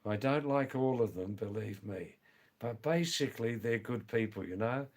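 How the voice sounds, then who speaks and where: This older livestream host, from England and Australia, sounds animated, with a medium pitch, darkish tone and moderate pace. Reading viewer messages in a casual live chat, he names viewers, teases them and repeats words for emphasis.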